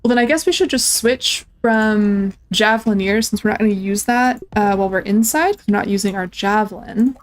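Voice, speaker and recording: A woman's voice: medium pitch, fairly quick, few pauses. A young woman casually commentating her own gameplay, chatty and playful, talking to enemies and viewers. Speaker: gameplay streamer. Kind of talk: casual let's-play commentary.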